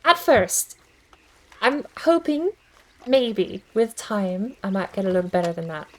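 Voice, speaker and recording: A woman's voice: mid-range voice, big pitch swings, unhurried, poor audio. A woman streaming a video game, chatting casually and thinking aloud in a rambling, self-deprecating way. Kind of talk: casual gaming stream chat.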